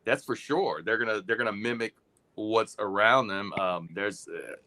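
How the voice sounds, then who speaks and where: A man's voice: fairly low pitch, normal speed, bright, forceful tone. A man co-hosting a casual chat, laughing easily and repeating words as he talks. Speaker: podcast co-host.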